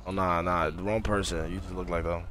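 A man role-playing a boastful street character in game voice chat, slangy and quick to laugh loudly. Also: low-pitched, steady tone, a little hiss or hum.

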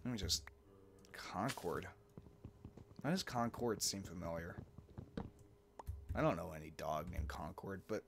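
Animated, joking gamer guy. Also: fairly low pitch. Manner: profane, joking, talks to himself while playing. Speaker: let's play gamer. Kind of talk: casual gameplay commentary.

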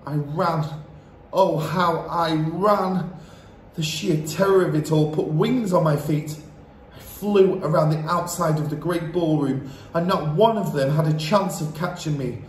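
A man's voice: a little high, a little slow. A man reading a children's book aloud as storyteller, narrating with dramatic expression. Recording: roomy echo, faint hiss.

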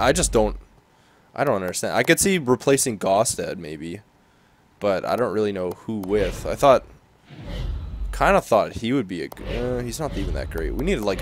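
A man's voice: deep voice, slight background noise. A young man giving casual gameplay commentary, exasperated, mumbling to himself, then breaking into frustrated outbursts. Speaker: gaming commentator.

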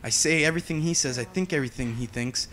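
A man giving chatty, excitable commentary while he plays a video game. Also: medium pitch, a little hiss or hum. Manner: excitable, chatty, quick to exclaim. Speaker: gameplay commentator. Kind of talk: casual let's-play commentary.

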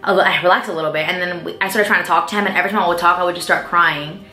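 Young woman vlogger, quick bright chatty delivery, echoey room with faint music behind. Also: fairly low pitch, fairly even intonation. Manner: chatty, fills speech with "like" and "um". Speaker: beauty vlogger answering viewer questions. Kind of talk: casual chat.

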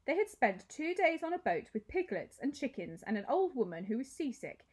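A woman teacher reading a children's novel aloud with expressive storytelling. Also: sits high, moderate pace, breathy edge.

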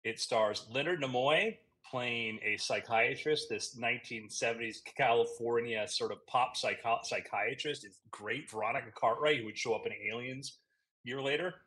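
A man's voice: medium pitch, moderate pace, sharp tone, rough recording. A man chatting casually on a podcast, enthusiastic and prone to going off on tangents. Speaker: podcast co-host. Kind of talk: casual chat.

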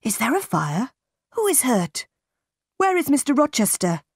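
A woman's voice: high-pitched, sing-song, unhurried, husky, dry recording, clean studio sound, voice pushed up, heavily acted. A woman voicing anxious, alarmed houseguests in a storybook reading, asking questions in a raised, urgent voice.

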